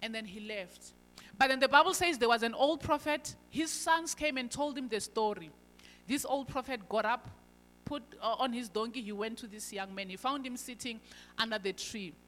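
A woman preaching a sermon, emphatic, moving between loud stressed lines and quiet asides. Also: on the high side, normal speed, faint music behind. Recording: long hall reverb.

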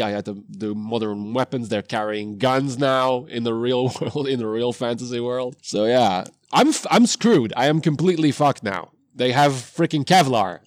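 A man's voice: mid-range voice, no room sound, clean studio sound. A man telling a story about his tabletop game in casual podcast chat, rambling and often breaking off mid-sentence. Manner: rambling, self-interrupting storyteller. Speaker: game master.

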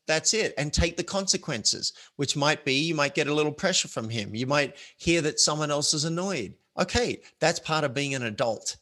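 A man's voice: on the high side, lively intonation, moderate pace, hardly any pauses, bright, forceful tone. A man hosting a casual conversation, talking in an earnest, reflective way and explaining ideas with simple analogies. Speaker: author and show host.

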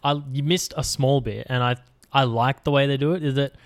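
A man's voice: mid-range voice, steady tone. Man chiming in on a film podcast. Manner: quick interjections, laughs along. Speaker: podcast co-host. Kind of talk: casual film discussion.

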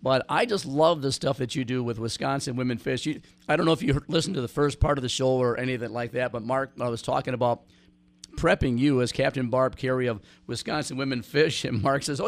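A man hosting an outdoors radio show, his voice a bit hoarse. He talks in a jokey, rambling way, often restarting sentences. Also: mid-range voice, fairly quick. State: hoarse from cheering. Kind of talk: casual radio chat.

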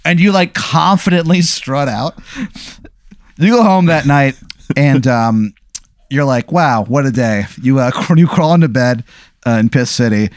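A man's voice: medium pitch, measured pace, pauses often, no echo, studio quality. A man hosting a podcast, improvising a comic story in a rambling way, full of fillers. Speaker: podcast host.

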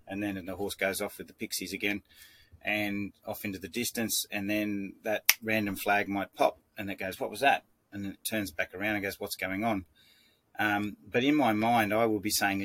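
A man with a low voice that stays flat and even, walking through horse-training ideas in a calm, measured way. He circles back and restarts his sentences as he explains. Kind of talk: instructional talk.

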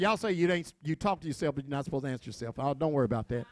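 A man preaching a sermon to his congregation, with call-and-response, shouted peaks and quiet asides. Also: fairly high pitch, rapid-fire, few pauses. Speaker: pastor.

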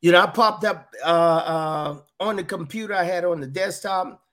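A man's voice: high-pitched, normal speed, fairly bright tone. A middle-aged man giving an earnest personal testimony as a podcast guest, often repeating his phrases. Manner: earnest, repeats phrases, quotes voices in dialogue.

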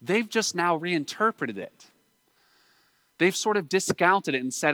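A man's voice: high voice, big pitch swings, normal speed, pushed and bright, dry recording. A man with a Southern US accent preaching a sermon in a conversational way, asking the listeners rhetorical questions.

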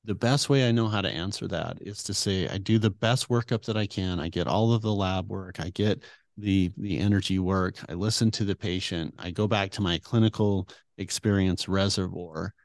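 A man's voice: deep voice, normal speed, vocal fry, dry recording, studio quality. A middle-aged man answering interview questions as a guest doctor, earnest and rambling with many fillers.

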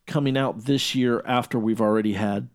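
A man's voice: medium pitch, fairly even intonation, moderate pace. A man co-hosting a casual podcast, rambling and upbeat as he talks through lists. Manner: rambling, upbeat, counts things out loud. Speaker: podcast co-host. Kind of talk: casual chat.

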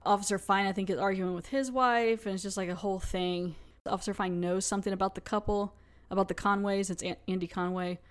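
A woman's voice: medium pitch, steady tone, brisk. Chatty woman podcast host recapping. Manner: chatty, lots of "like". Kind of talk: casual episode recap.

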